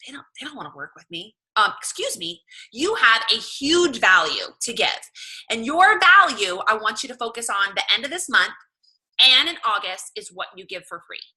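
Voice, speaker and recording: Bright, high-voiced Southern woman in her thirties; gushing, chatty fitness coach talking to her team. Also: very animated, normal speed, rough recording. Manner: gushing, chatty, lots of "oh my gosh" and "like". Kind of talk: casual coaching talk to team.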